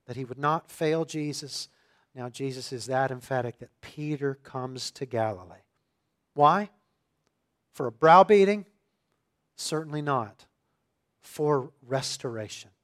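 A man preaching an expository sermon, reading scripture and growing emphatic and louder on key phrases. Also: on the high side.

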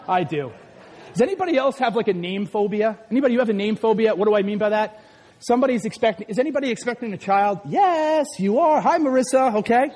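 A man with a very high voice delivers a sermon as pastor, animated and joking. He often breaks into shouts, and his voice rings with a long church-hall reverb. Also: fast talker. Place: church sanctuary.

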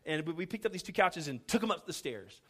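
A man's voice: fairly high pitch, big pitch swings, fast talker, fairly bright tone. A middle-aged male pastor from Houston, telling a story in a sermon, acting out the dialogue with self-deprecating humor. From Houston, Texas.

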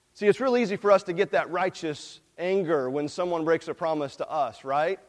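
A man preaching a sermon from the pulpit, his voice sitting high for a man. He speaks in a plain, conversational way and keeps asking the congregation questions. The sound rings out with a long reverb across a large church sanctuary. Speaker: pastor.

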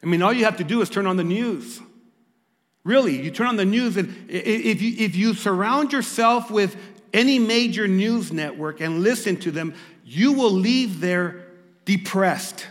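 A man preaching a sermon to a church congregation. He stumbles over repeated words and rises to loud, emphatic reading. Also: sits high, lively intonation, moderate pace, in a large hall. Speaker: pastor. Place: church service.

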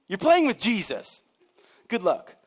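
A man's voice: sits high, huge pitch swings, slow, husky. Joking man preaching a sermon. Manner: conversational and joking, acts out voices of people he quotes. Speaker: pastor. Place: church.

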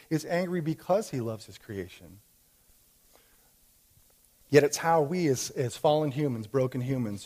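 A man's voice: medium pitch, a little mellow. A man preaching a sermon in a conversational way, with fillers and restarts as he explains a Bible story. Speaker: pastor.

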